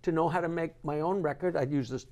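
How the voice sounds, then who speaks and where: An older man, a comedian, telling stories and jokes as a talk show guest in an animated way. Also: fairly high pitch, fast. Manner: animated joke teller with big swings. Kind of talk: storytelling in a live talk show.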